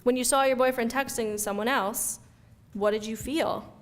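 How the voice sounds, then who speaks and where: A woman giving an energetic, conversational talk to an audience, acting out everyday reactions as she goes. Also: on the high side, moderate pace. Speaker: speaker giving a talk on youth mental health. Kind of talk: lively lecture to an audience. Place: event room before an audience.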